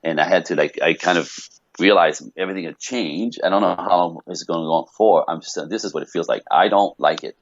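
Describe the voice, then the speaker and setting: Low-voiced man telling a rambling story. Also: fast, lo-fi sound. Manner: animated rambling storytelling with many restarts. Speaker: podcast guest. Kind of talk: casual podcast conversation.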